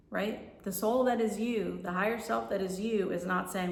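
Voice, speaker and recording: A woman's voice: medium pitch, steady tone, normal speed, gravelly, hardly any pauses. A woman spiritual life coach giving a flowing teaching monologue, repeating phrases and checking in with "right?". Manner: flowing, repetitive, tags lines with "right?". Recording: roomy, from far off the mic.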